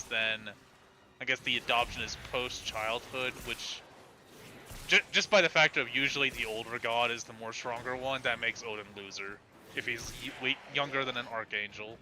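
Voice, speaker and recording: Man, casual gaming podcast, long explanations, dry humor, clear background noise. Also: medium pitch, normal speed, sharp tone. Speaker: podcast co-host playing a video game. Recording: noisy background.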